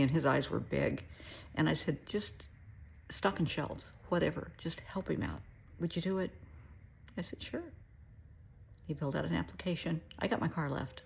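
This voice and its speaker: A middle-aged woman with a low, gravelly, very husky voice gives a heartfelt, folksy monologue. She often sinks into a soft, breathy near-whisper while telling her story. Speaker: therapist.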